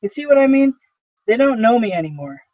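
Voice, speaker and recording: A man's voice: very high-pitched, very animated, brisk, no room sound. A man reading the part of an aging, desperate male traveling salesman who pleads and insists, in a dry, tinny recording. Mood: pleading. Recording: dry, tinny phone-like sound.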